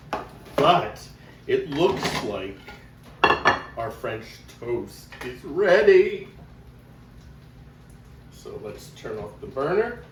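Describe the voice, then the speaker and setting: A man hosting a casual home cooking vlog, chatting slowly and warmly to viewers as he cooks. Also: mid-range voice, slight background noise. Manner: slow, homey, talks to viewers while cooking. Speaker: cooking show host. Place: home kitchen. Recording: echoey kitchen, mic far off.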